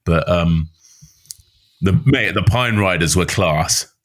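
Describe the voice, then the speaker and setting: A man with a very deep voice co-hosting a casual rugby chat. His delivery is easygoing and filled with casual fillers as he breaks down the game. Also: slow. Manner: laid-back, says mate and like a lot. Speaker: podcast co-host.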